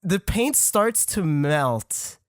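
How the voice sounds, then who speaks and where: This podcast guest is a man in his twenties, a native French speaker with a French accent, whose highish voice is sing-song and extremely slow. Laughing frequently, he spins a rambling, profane story in casual chat, recorded dry and at studio quality.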